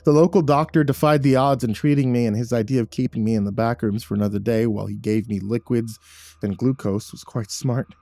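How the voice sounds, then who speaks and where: A man narrating a horror story in a measured, somber storytelling manner. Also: medium pitch, fairly even intonation, mellow, no room sound.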